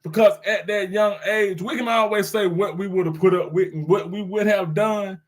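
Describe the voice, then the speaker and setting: High-voiced man chatting with his viewers. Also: fairly even intonation, normal speed. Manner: laid-back slang, laughs often, addresses chatters. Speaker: streamer reading live chat. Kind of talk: casual live-stream commentary.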